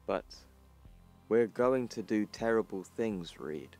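A man reading out the lines of a stern woman conqueror from the future in a comic recap, in a flat reading voice. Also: fairly low pitch, takes it slowly, gravelly, faint music behind, heavily acted. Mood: grim.

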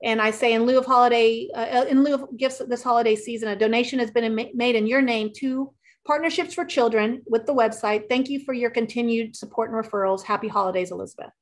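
A woman's voice: fairly high pitch, fast. A middle-aged woman, a real estate agent, talking casually and upbeat as a guest, giving marketing tips and acting out what clients say. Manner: chatty and upbeat, acts out client quotes.

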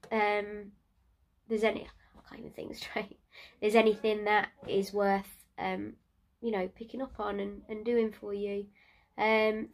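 Woman, home vlogger, ill and exhausted, nasal, monotone, halting delivery. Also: medium pitch. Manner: tired, breathy and halting, trailing off. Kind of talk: casual video diary. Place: in bed at home.

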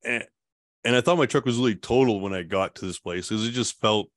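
A Canadian man, a guest in a casual interview, rambles through a long account of his survival, laughing now and then. His voice is fairly low and quick, captured dry with clean studio sound.

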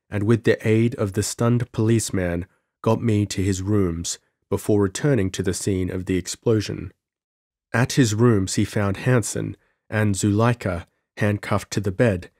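A man narrating a pulp adventure audiobook in a measured, dramatic first-person delivery. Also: fairly low pitch, mellow, no echo, clean studio sound. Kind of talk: scripted narration.

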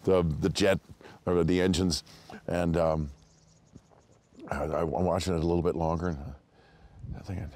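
Deep-voiced man telling a lively anecdote. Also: moderate pace, pauses often, noisy background. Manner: animated anecdote-telling, acts out quoted people with big pitch jumps; laughs often, restarts sentences. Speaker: interview guest. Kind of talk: storytelling in a sit-down interview.

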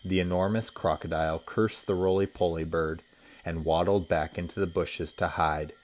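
A man, a teacher, reading a children's story aloud with expressive storytelling. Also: low-pitched, normal speed, slight background noise.

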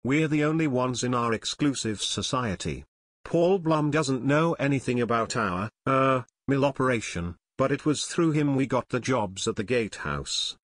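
A man's voice: mid-range voice, animated, moderate pace, no room sound, close to an everyday voice. A man voicing a cocky male former guard who sneers and snaps at others, in an audiobook reading. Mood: sneering. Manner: sneering, snappish. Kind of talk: audiobook narration.

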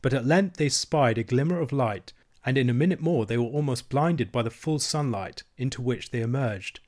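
A man reading a children's novel aloud in a steady, measured storytelling voice. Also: mid-range voice. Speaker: reader.

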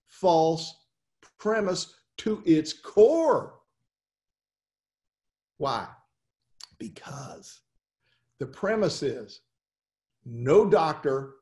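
A man with a high-sitting voice coaches lawyers in a webinar, telling stories and firing off rhetorical questions with animation. The sound is roomy.

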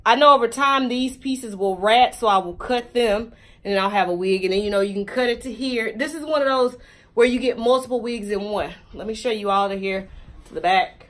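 A woman's voice: on the high side, brisk, fairly bright tone. A woman chatting casually and joking straight to viewers while reviewing a wig for her vlog.

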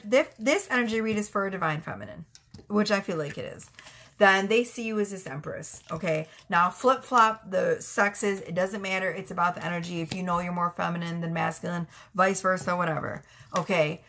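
A woman's voice: mid-range voice, normal speed, a bit bright. A woman giving a casual tarot reading, talking bluntly and profanely and often breaking into laughter. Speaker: tarot reader.

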